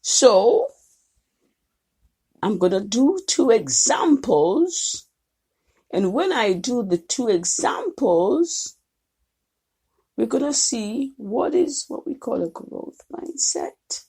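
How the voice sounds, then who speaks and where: A woman's voice: fairly high pitch, big pitch swings, slow, long pauses, mellow, husky. A woman college instructor giving a recorded lecture, emphatic and posing questions to the class.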